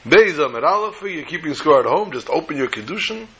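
A man teaching a Torah class, telling a story with acted-out quotes and Hebrew terms in a husky voice. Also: fairly high pitch, very animated, fairly quick, fairly bright tone.

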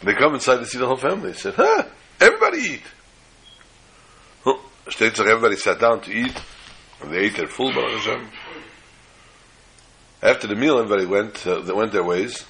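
A man telling a folk story in an animated way, slipping in Yiddish phrases. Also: fairly low pitch, quick pace, long pauses, husky, poor audio.

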